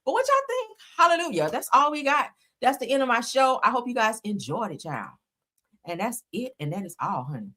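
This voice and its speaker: Bright-voiced sassy gossip host woman. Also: on the high side, expressive, a little fast. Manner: sassy, chatty, calls audience girl and honey. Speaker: live show host. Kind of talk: casual gossip chat.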